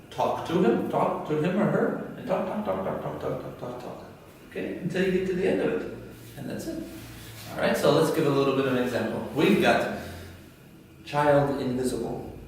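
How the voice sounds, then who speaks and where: A man teaching parents in an online lesson, animated and quick, acting out sample phrases as he explains. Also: medium pitch. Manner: animated, talks fast, demonstrates phrases. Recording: echoey room, far from mic, faint hum.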